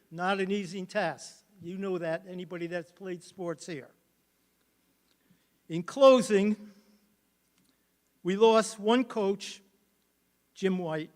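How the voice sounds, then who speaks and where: An older man, a former coach, giving a halting, emotional speech at a hall of fame induction ceremony. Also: sits high.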